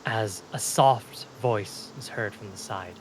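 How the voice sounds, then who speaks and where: A man's voice: lowish voice, takes it slowly, slight background noise. A young man narrating as game master, loose and chatty, breaking into chuckles as he describes the scene.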